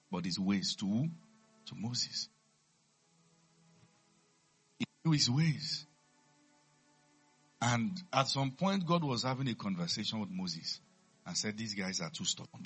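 A man preaching a sermon, reading scripture low and measured, then building to loud, high-pitched shouts. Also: husky.

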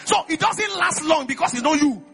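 High, lively Nigerian preacher man. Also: a little fast, gravelly, background noise. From Ekiti, Nigeria. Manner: exuberant, calls out to the congregation, often shouting. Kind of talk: lively sermon.

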